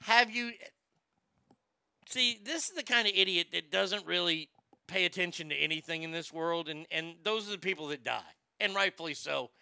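A man with a high, very bright, clear voice delivers a comedic rant for a show at a normal speed, full of sarcastic disbelief. He trips over his words and repeats himself while building his point, on a dry recording.

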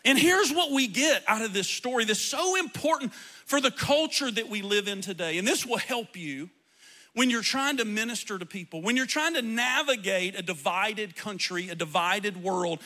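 Male pastor, fiery sermon delivery, high and sharp tone, frequent shouted peaks. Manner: impassioned, often breaking into shouts; dramatic storytelling preacher.

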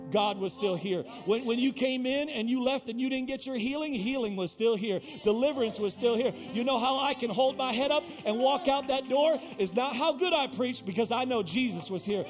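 A male pastor with a high, light voice delivers a fervent sermon in a church sanctuary. He calls members of the congregation by name and hammers his key lines through repetition, moving between quiet stretches and loud ones. Soft music plays faintly behind him. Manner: impassioned, repetitive preaching that swings from hushed to loud; talks directly to the congregation by name. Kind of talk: live sermon.

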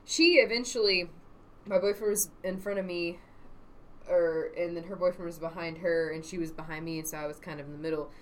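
A woman telling a funny story in casual chat with friends, swearing freely and getting loud at the punchlines. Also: fairly low pitch, fairly even intonation, fairly quick, slight background noise.

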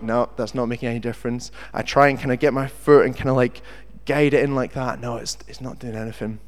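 A man delivers a sermon in an animated storytelling manner, acting out the voices of the people in his story. His voice sits at an ordinary middle pitch. It rings out with the long reverb of a large hall. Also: fairly quick, hardly any pauses, clear, resonant tone. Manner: animated storyteller who acts out quotes. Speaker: preacher.

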